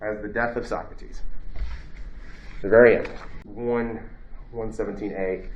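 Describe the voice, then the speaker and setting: A man's voice: on the low side, steady tone, a little slow, echoey room, dull audio, a little hiss or hum. A man giving a casual philosophy lecture to a class, talking conversationally and acting out quotes in a raised voice.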